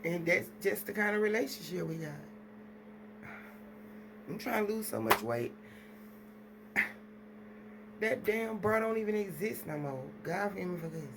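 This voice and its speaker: A woman chats to her viewers, rambling loosely from one thought to the next. Her voice has a gravelly fry. The home recording carries clear background noise. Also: medium pitch, normal speed, pauses often. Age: adult with children. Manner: rambling, chatty, talks straight to viewers. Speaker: vlogger. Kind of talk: casual chat to camera.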